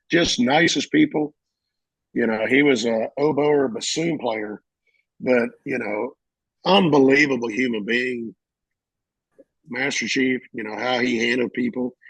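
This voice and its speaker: A middle-aged man with a gravelly, slightly husky voice, pitched a bit higher than most men. He tells a service story in a casual, animated way into a close, dry mic. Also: no room sound, rough recording. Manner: animated, acts out quoted officers in loud bursts. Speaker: veteran guest.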